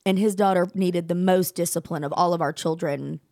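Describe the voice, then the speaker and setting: A woman in her forties co-hosting a podcast, telling stories in an emphatic, animated way. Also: lowish voice, brisk, dry recording, studio quality. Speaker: podcast co-host. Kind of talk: casual chat.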